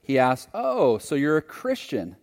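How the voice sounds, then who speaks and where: A preacher voicing a kindly patrol officer. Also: male voice, medium pitch, huge pitch swings. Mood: friendly. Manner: gentle, unhurried, kindly. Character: calm friendly male highway patrol officer. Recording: long hall reverb.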